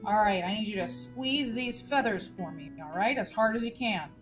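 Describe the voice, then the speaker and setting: Woman doing a gentle feathered shopkeeper. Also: mid-range voice, normal speed, over music, close to an everyday voice. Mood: coaxing.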